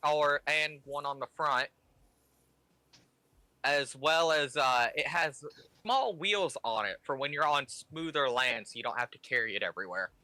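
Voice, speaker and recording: Bright-voiced male game master. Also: medium pitch, measured pace, no room sound. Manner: relaxed, casual narration with fillers. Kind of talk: narrating a tabletop game.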